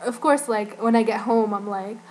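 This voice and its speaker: A woman's voice: on the high side, normal speed, darkish tone, poor audio. A young woman from Northern Virginia chatting casually as a fan vlogger, rambling and giggling, with lots of "like" and "you know". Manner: rambling, giggly, heavy use of "like". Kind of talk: casual chat.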